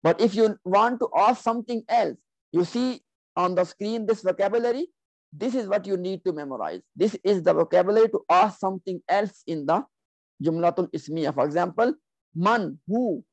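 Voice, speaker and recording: Patient teacher with a dry close sound. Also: male voice, sits high, expressive, normal speed, no room sound, rough recording. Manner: patient, checks understanding with "Clear?". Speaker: Arabic grammar teacher. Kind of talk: recorded online lesson with slides.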